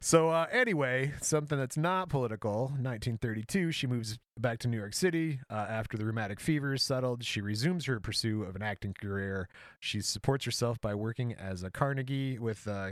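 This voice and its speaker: A man's voice: mid-range voice, fairly bright tone, no room sound, studio quality. A man in his thirties hosting a podcast, reading history notes aloud in a casual, jokey way. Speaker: podcast host. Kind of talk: casual storytelling chat.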